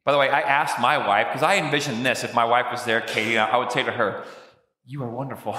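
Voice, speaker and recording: In a church sanctuary with a long, echoing reverb, a male pastor preaches in a chatty, joking, story-driven style. His voice sits in the mid-range with fairly even intonation, and he talks fast with a sharp edge.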